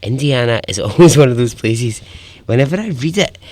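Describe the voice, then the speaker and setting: A man's voice: medium pitch, expressive, brisk, a little mellow, dry recording. A man hosting a podcast, telling a story in a chatty, informal way, chuckling often and swearing casually. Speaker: podcast host.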